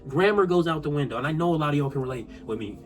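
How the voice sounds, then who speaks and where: A man telling comedic retail stories in an exasperated, animated rant, speaking straight to his viewers. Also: fairly high pitch, rapid-fire, soft background music. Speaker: vlogger.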